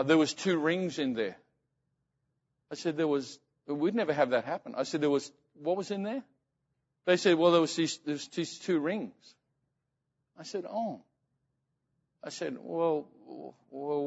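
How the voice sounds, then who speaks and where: A man preaching as a pastor, telling a story earnestly, often dropping to a hushed, slow voice. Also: fairly high pitch, long reverb tail, lo-fi sound. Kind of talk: sermon storytelling.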